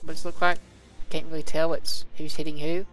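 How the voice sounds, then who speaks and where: In a low-quality recording with faint music behind him, a let's play commentator speaks briskly in a fairly high, fairly bright voice that barely moves in pitch. He reads the video game's combat log aloud and drops in casual remarks.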